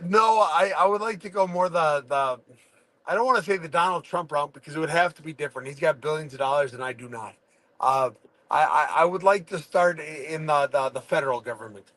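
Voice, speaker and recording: Man, fairly high voice, halting and restarting in a relaxed podcast chat. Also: low-quality recording. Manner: frequent restarts and stammering. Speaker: guest, fighter.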